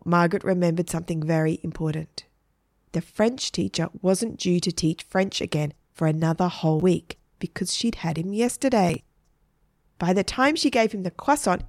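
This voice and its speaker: A woman narrating a children's story in a steady, clear reading voice. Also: lowish voice, no echo, clean studio sound.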